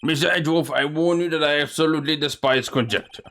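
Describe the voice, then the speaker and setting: A man's voice: a little high, fast, a bit bright, pitched above the performer's own voice. A man voicing a stern, fussy old male judge who scolds the court.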